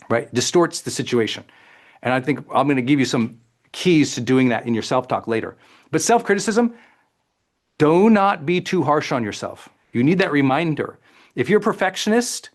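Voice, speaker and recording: A man giving a motivational coaching talk, conversational and energetic, acting out inner voices with sudden jumps in pitch and often checking in with his listeners. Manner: conversational, often asks "right?" and "does that make sense?". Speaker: personal development coach.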